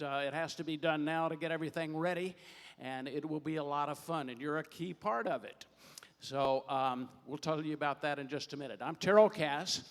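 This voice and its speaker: An older man, a producer, warming up a studio audience in a folksy, joking way, building up to loud announcements from a theater stage. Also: fairly high pitch. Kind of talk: crowd warm-up emcee. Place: large hall or theater stage. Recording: long hall reverb on a stage.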